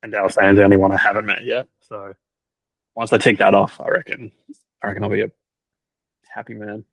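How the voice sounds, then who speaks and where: A man's voice: fairly low pitch, little pitch movement, a little fast, vocal fry, dry recording, poor audio. Young man telling stories, dry sound. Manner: storytelling, lots of "like" fillers, laughs often. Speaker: cricket team videographer. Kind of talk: casual podcast chat.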